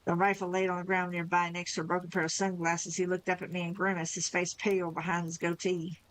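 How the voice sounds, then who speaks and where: A woman's voice: lowish voice, level tone, fast talker, fairly bright tone, no echo, rough recording. A woman reading a novel aloud on a live stream, narrating steadily in the first person with the occasional slip.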